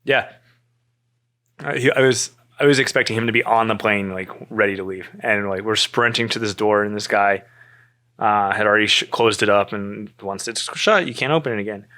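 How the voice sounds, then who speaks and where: A man in his thirties telling a story in casual chat, animated, cursing freely and acting out both sides of the conversation. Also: on the low side, normal speed, dry recording. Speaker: podcast guest.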